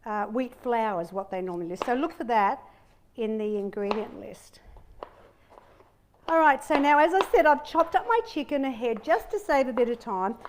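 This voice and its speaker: A woman's voice: fairly high pitch, expressive, moderate pace, slight background noise. A middle-aged woman hosting a cooking show, chatting upbeat to viewers as she chops and fries in her kitchen. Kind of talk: casual cooking demonstration. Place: home kitchen. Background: pan sizzling and kitchen clicks.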